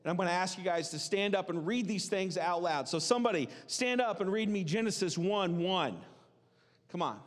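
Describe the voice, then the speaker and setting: A man preaching a sermon in a conversational, animated way, acting out the voices of people in the story. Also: sits high, moderate pace. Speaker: pastor. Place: church hall. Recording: reverberant hall.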